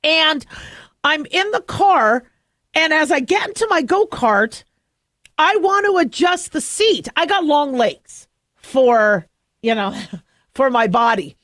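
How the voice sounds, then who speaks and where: Chatty high-voiced woman radio host. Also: very animated, slow pace, fairly bright tone, no room sound, clean studio sound. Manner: chatty, self-mocking storytelling with frequent laughs. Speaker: radio talk show host. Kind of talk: casual monologue. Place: radio studio.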